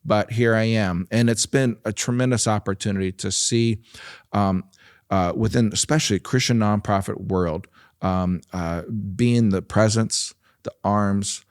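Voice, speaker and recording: Man in his fifties, low-set voice, chatty guest who laughs while telling stories. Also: steady tone, a little slow, smooth, no echo, clean studio sound. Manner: warm storytelling with frequent laughs and fillers. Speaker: nonprofit president and guest. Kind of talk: relaxed conversational interview.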